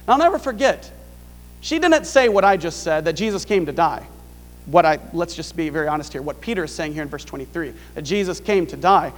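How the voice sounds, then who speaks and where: Man, pastor, sermon, emphatic, rhetorical questions, high voice, long hall reverb. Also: lively intonation, fairly quick, a little hiss or hum.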